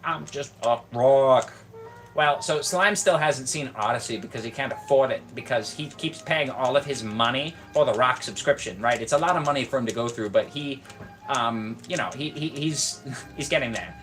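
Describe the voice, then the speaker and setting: A man casually rambling on a stream, joking deadpan with lots of fillers. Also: medium pitch, normal speed, faint music behind.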